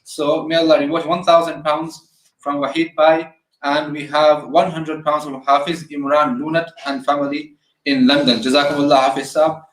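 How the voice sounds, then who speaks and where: A man announcing donations at a fundraiser and briskly blessing each donor. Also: on the high side, little pitch movement. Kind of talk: reading out donations. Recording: echoey room.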